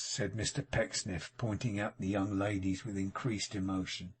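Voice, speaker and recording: A man narrating a classic novel as an audiobook in a measured, even reading. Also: on the low side, husky. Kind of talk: scripted narration.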